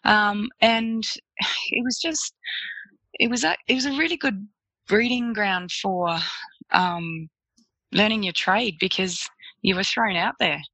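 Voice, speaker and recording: A woman's voice: medium pitch, slow, long pauses, sharp tone, no room sound, low-quality recording. An Australian woman, a photographer, chatting as an interview guest and telling stories with frequent laughter. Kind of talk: casual storytelling interview.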